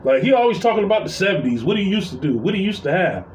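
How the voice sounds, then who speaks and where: A man vents to his viewers in a casual, animated way, swearing freely as he tells a story. His voice sits high and swings widely in pitch. The mic is some way off, so he sounds roomy, with a faint hum of background noise. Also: fast talker, recorded from a distance. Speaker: vlogger. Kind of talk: casual venting monologue. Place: at his workplace, indoors.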